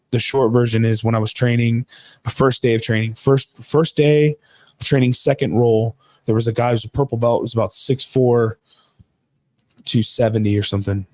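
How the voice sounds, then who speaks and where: A podcast guest in his thirties, a jiu-jitsu coach, tells a personal story in an earnest, casual way, often restarting his sentences. His mid-range voice has a darkish tone, with no room sound.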